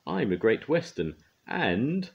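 A grandad reads as a polite, proud little steam engine from a picture book, calm and courteous. The voice is husky with a lively lilt, on a dull lo-fi recording. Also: male voice, low-pitched, measured pace, full character voice.

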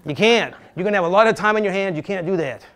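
A middle-aged man giving a lively classroom lecture in a slightly high voice. He is animated and theatrical, swinging between playful panic and calm advice as he acts out scenes for his students. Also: quick pace. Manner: animated, dramatic, acts out panicked agents and jokes. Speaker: real estate instructor.

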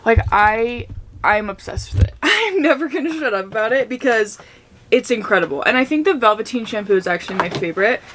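A woman's voice: fairly high pitch, animated, a little fast, noisy background. A young woman vlogger chatting casually and gushing while she does makeup and unboxes packages at home. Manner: gushing, chatty, many fillers.

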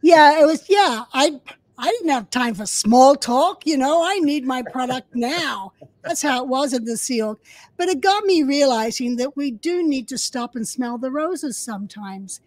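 A woman co-hosting an interview show, telling stories in a chatty, animated way. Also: high-pitched, measured pace, no echo. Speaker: podcast co-host. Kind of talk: casual storytelling chat.

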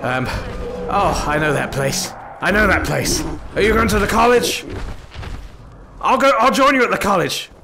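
A man's voice: high-pitched, normal speed, gravelly, pauses often, background noise. A man giving comedic let's-play commentary, scolding and fussing over an in-game companion in an exasperated way. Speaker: gaming YouTuber.

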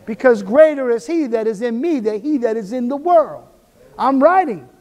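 High-voiced preaching man in reverb. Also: lively intonation, moderate pace, a little mellow. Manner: emphatic, repetitive preaching with quoted inner voices. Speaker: pastor. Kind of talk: sermon.

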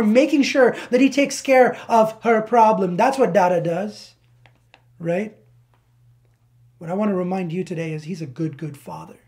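Animated preaching man, pastor. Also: high voice. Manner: animated preaching, dramatic slow emphasis on key words. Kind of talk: sermon. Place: church.

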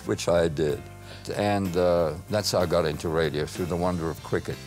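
Older man, South African accent, storyteller, lively voice, soft music underneath. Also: low-pitched, normal speed. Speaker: radio personality. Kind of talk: reminiscing interview.

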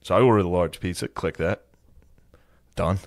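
A man's voice: sits low, normal speed, no echo, clean studio sound. A man telling a rambling, profane anecdote in casual podcast chat. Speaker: podcast co-host.

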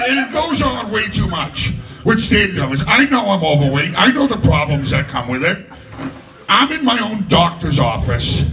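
A man doing a stand-up comedy set, crude and self-mocking, swearing heavily. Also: sits high. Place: comedy club stage. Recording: distant mic in noisy club.

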